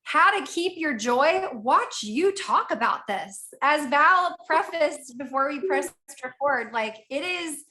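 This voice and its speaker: A woman's voice: sits high, expressive, slow pace, hardly any pauses, sharp tone, poor audio. A woman co-hosting a podcast, chatty and affirming toward her guest. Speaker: podcast co-host. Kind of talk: casual podcast conversation.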